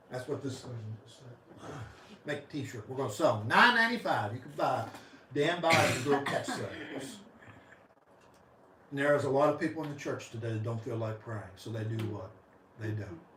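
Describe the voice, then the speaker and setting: A male pastor preaching a sermon with passion, his voice swinging from loud to soft. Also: mid-range voice, echoey room, far from the mic, a little hiss or hum, rough recording. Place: church sanctuary.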